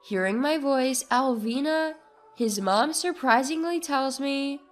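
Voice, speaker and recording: A woman tells a first-person story in a high, clear voice, taking her time over every line. Faint music plays beneath her measured narration. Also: lively intonation.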